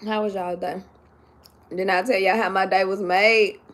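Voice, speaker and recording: A woman hosting a casual livestream, chatty and excitable, greeting viewers by name and repeating herself, a little sleepy. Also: mid-range voice, moderate pace. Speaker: livestream host.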